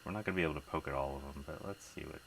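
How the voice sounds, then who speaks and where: A man's voice: a bass voice, racing, fairly bright tone, slight background noise. A man from South Jersey and Philadelphia, hosting a casual live stream, chatting with viewers while repairing an old computer. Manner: chatty, reads viewer comments, muttering while working. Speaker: host repairing vintage computer.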